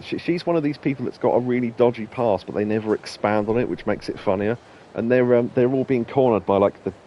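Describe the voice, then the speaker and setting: A man casually commentating his gameplay, rambling through anecdotes and laughing at his own stories. His voice is mellow and dark-toned at a mid pitch. A faint hiss sits under the desk microphone. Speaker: let's play host.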